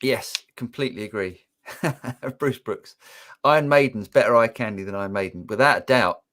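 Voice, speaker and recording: A man with a medium-pitched, slightly bright voice co-hosts a live music Q&A stream at a normal speed. He keeps things upbeat and casual, reading out viewer comments and questions.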